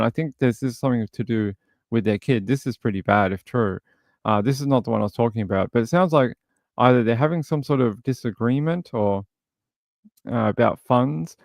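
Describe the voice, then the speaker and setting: A man's voice: mid-range voice, a little fast, gravelly, darkish tone, no echo. A man hosting a casual livestream, chatting and thinking aloud as he scrolls through material. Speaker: livestream host.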